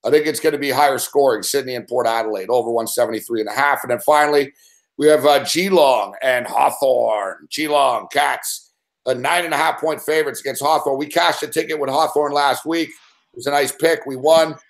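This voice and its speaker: A man's voice: medium pitch, brisk. A man hosting a casual sports betting show, talking through picks in an easygoing way and reacting to live games. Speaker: show host.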